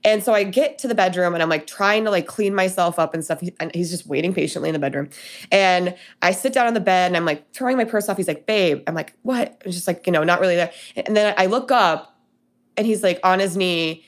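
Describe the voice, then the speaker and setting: A woman's voice: on the low side, fast. Chatty young woman telling a story. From Denver, USA. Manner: chatty, many fillers and quoted dialogue. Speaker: guest telling her story. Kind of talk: casual storytelling.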